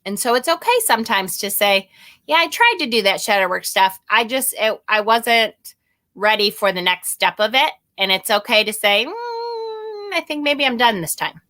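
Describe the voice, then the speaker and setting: A spiritual vlogger speaks candidly to her viewers at normal speed, her medium-pitched voice bright and forceful. She rambles a bit in this casual confessional talk, swears, laughs at herself, and reads viewer comments aloud.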